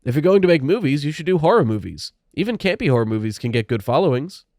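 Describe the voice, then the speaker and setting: A man's voice: a little high, very animated, quick pace, darkish tone, dry recording, clean studio sound, pitched above the performer's own voice. A man reading an audiobook voices an awkward, eager teenage boy who talks in a rush.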